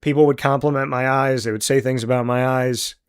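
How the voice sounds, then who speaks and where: A man in his forties from central New York, hosting a talk show and speaking in a heartfelt, halting, openly emotional way. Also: medium pitch, fairly even intonation, clear, resonant tone. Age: 40s. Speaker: host. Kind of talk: casual talk show monologue.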